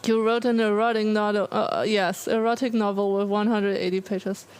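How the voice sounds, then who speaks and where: A woman's voice: mid-range voice, steady tone, normal speed, darkish tone, clear, resonant tone, rough recording. A woman streamer chatting casually on a live stream, talking through a burning, aching mouth that slurs her words. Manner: pained, slurred talk from a burning mouth. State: mouth in pain from spicy food.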